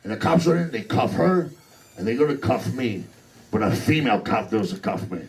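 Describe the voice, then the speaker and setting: A man's voice: mid-range voice, very animated, brisk, a little mellow. Brash young man doing stand-up. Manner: crude, brash storytelling. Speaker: stand-up comedian. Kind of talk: stand-up set. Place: comedy club stage.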